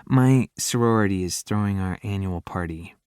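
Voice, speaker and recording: Sassy, teasing young woman with quick comebacks, read by a male narrator. Dry studio read. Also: deep voice, darkish tone, clean tone, no echo, lightly acted.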